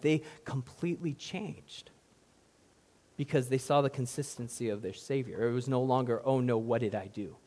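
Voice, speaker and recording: Male pastor preaching in a reverberant hall. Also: medium pitch. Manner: preaching with sweeping swings from soft to loud. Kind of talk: sermon. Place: church hall with audience. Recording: long reverb of a large hall.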